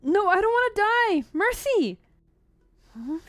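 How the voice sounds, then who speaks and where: A woman's voice: extremely high pitch, sing-song, moderate pace, no room sound, soft background music. Woman doing a frantic, pleading young thief. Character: panicked young woman thief begging for mercy.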